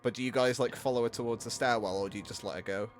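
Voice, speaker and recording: A man's voice: medium pitch, rapid-fire, soft background music. Casual game master man, chatty. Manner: casual, chatty, many fillers and restarts. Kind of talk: narrating a tabletop game.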